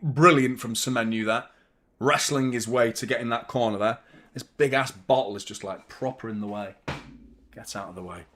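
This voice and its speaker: A young man hosting a live football watchalong, chatting about the match and swearing at the referee. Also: fairly low pitch. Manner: fan reacting to play, swears and shouts at the referee. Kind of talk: live match commentary and chat.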